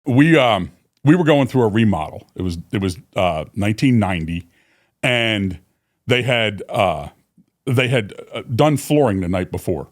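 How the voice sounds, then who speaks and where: With a fairly low pitch and moderate pace, this company vice president in his fifties spins casual stories on a podcast. His telling is rambling, riddled with fillers and restarts, and livens up whenever he quotes someone.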